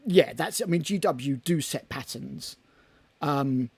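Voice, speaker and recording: A man with a gravelly, slightly husky voice, pitched a bit higher than most men, chatting loosely on a hobby podcast. He rambles and swears casually. The sound is close and dry. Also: moderate pace, a little mellow, no echo. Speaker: podcast co-host. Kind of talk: casual chat.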